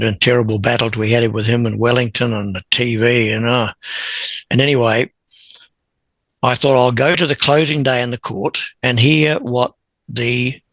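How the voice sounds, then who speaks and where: A man, a podcast guest telling a long story in a lively, chuckling way. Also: medium pitch, dry recording, poor audio. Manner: animated anecdote-teller who chuckles and clears his throat. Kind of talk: conversational storytelling.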